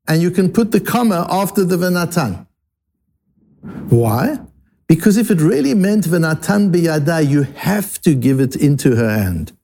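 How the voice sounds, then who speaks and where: A man giving a Talmud lesson with a gravelly, mellow voice that sits a little high. He explains each step carefully, often repeating and restarting words, and weaves Hebrew and Aramaic terms into his English. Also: animated, measured pace. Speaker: Talmud teacher.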